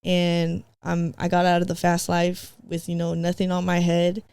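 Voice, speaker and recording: A woman's voice: on the low side, monotone, moderate pace, gravelly, a little mellow, clear, resonant tone, no echo, studio quality. A woman from San Diego, a podcast guest, telling her own story in a slangy, casual way that is full of "like" and "bro". She acts out her past self and slips in Spanish phrases. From San Diego, California.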